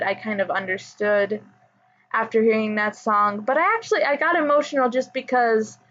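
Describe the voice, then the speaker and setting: A woman chatting casually as a pop music fan, rambling with fillers and soft laughs. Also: on the high side. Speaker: idol fan commentator. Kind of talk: casual chat. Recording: dull lo-fi audio.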